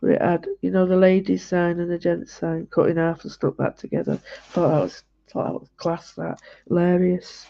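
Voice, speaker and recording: A woman's voice: lowish voice, little pitch movement, normal speed, vocal fry, hardly any pauses, warm tone. A woman chatting in a homely, rambling way as she draws live, talking viewers through her work. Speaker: artist streaming a live drawing session. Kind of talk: chatty commentary while drawing. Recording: dull lo-fi livestream audio.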